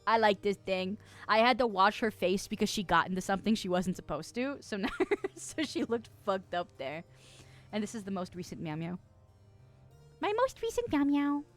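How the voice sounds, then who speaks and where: A woman in her twenties chatting casually on a live stream, reading chat aloud, giggling often and getting excited. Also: medium pitch, normal speed, soft background music. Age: 20s.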